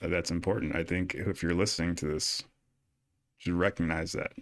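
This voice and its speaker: Deep-voiced man, fired up and cursing. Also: fairly even intonation, fairly quick, a bit bright. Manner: fired-up, exhorting, swears a lot. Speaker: podcast co-host. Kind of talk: casual podcast discussion.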